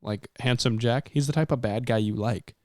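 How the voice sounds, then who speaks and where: A man's voice: medium pitch, moderate pace, darkish tone, no echo, clean studio sound. A young man hosting a podcast, rambling casually and cursing now and then. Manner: rambling, laid-back, swears casually. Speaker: podcast host. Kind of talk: casual chat.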